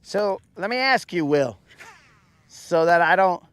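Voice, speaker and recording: A man's voice: sits high, expressive, takes it slowly, fairly bright tone, clean tone. A man hosting a live fishing stream from a boat on a lake, chatting casually with his viewers in a rambling, jokey, self-mocking way. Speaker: fishing livestream host.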